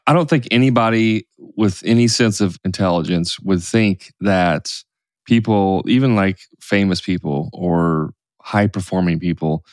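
A man's voice: low voice, measured pace, no room sound, clean studio sound. A man co-hosting a podcast, talking candidly in casual chat with frequent restarts. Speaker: podcast co-host.

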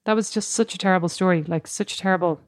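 A woman in her thirties co-hosting a casual chat, telling animated stories and laughing easily. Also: on the low side, fast talker, no echo, studio quality.

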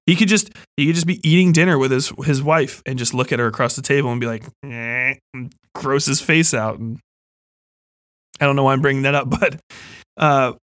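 A man's voice: on the high side, fairly bright tone, no echo. Rambling, profane young man, dry close sound. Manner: rambling, profane, laughs often. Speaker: podcast host. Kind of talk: casual review chat.

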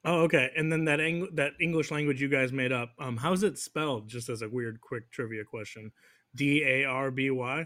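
A man's voice: medium pitch, fairly even intonation, normal speed, sharp tone. An American man hosting a podcast, chatting casually and teasing his co-host in playful banter. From United States. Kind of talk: casual chat.

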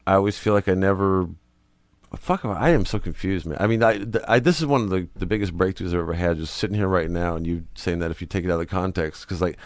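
A man guesting on a podcast, talking candidly and rambling between ideas as he searches himself out loud. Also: sits low, fast, dry recording. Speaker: comedian guest. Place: home garage studio.

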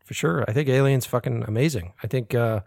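An American man, a filmmaker, chatting casually on a podcast, animated, swearing often and laughing. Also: mid-range voice, fairly quick, vocal fry, dry recording, studio quality. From United States. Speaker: filmmaker guest.

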